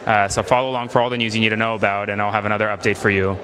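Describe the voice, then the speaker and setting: A man delivering a breaking news update in a brisk, informative way. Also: lowish voice, steady tone. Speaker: news reporter. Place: outdoors in a city, locked down nearby. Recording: crowd noise behind.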